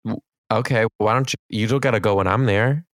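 A young man co-hosting a casual podcast chat, joking and teasing in quick playful banter. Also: fairly low pitch, a bit bright, dry recording, studio quality. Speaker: podcast co-host and comedian.

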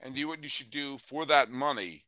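A man's voice: mid-range voice, moderate pace, sharp tone. A man co-hosting a sports talk show, chatting casually and hamming up a sponsor read. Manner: jokey, hammy ad delivery. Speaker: podcast co-host.

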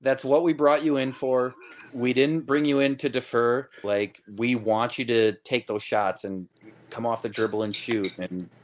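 A man's voice: medium pitch, steady tone, unhurried, a little hiss or hum. A man in casual sports podcast chat, blunt and opinionated.

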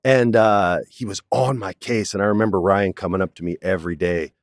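With a low voice and a fairly quick delivery, a male actor guest in his forties shares stories in a casual face-to-face studio interview. He's an animated teller who voices the quotes himself and says "man" often. The studio-quality recording has no room sound.

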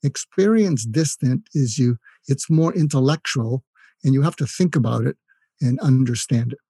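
Older man, dark husky voice, earnest. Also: medium pitch, moderate pace, dry recording. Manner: earnest, demonstrates phrases in a softer voice. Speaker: guest psychiatrist and coach. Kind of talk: conversational explaining with acted examples.

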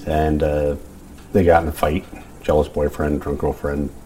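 Very deep-voiced middle-aged man, flat. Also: slight background noise. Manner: halting, rambling with many fillers. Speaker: father of missing woman. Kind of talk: interview.

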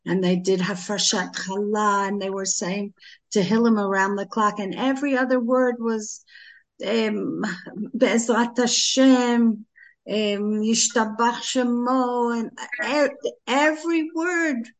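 Woman, higher voice, slow, earnest, casual chat. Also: steady tone, rough recording. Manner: earnest, admiring. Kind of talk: casual discussion.

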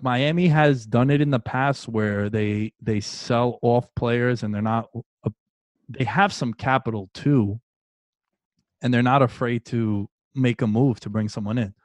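A man hosting a casual sports talk show, loose and jokey, with animated bursts of emphasis. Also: mid-range voice, no room sound. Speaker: podcast host.

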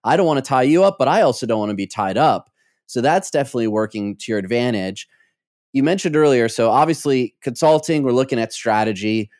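A man's voice: mid-range voice, animated, brisk, darkish tone, dry recording, studio quality. A man hosting a podcast interview, asking questions fluently and steadily. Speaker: podcast host.

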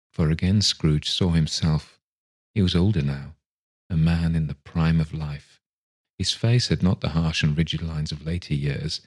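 A man narrating a classic novel aloud in a measured, expressive reading. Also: rumbling low, breathy edge.

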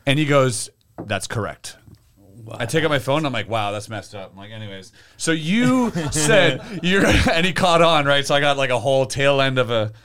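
A man telling a story in casual chat, animated and profane, acting out what others said. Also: medium pitch, a little fast, few pauses. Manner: animated, profane, acts out quotes. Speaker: storyteller guest.

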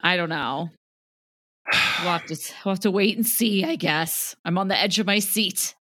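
A woman's voice: lowish voice, moderate pace, a bit bright, dry recording. Young woman, chatty podcast co-host, giggles a lot, dry close sound. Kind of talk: casual chat recapping a reality show.

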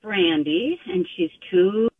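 A woman's voice: medium pitch, lively intonation, takes it slowly, very noisy. Hesitant woman caller on a tinny phone line. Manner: hesitant, filler-heavy. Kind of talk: phone-in conversation.

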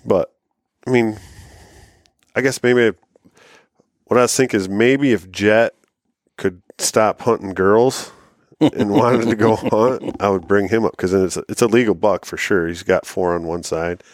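Low-voiced man who says "like" a lot. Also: a little slow, pauses often, no echo, clean studio sound. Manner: loose and hesitant, says "like" constantly. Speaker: podcast co-host. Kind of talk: casual hunting chat.

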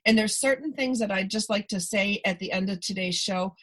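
A woman host of a talk radio show with a slightly husky voice. She speaks in an upbeat, affirming way, guiding the conversation toward practical advice. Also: medium pitch, fairly quick, fairly bright tone, low-quality recording. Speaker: podcast host.

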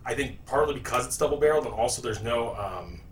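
A man's voice: mid-range voice, expressive, fast talker. A man as a podcast guest in casual chat, rambling with restarts and dry jokes. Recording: roomy, distant mic with faint noise.

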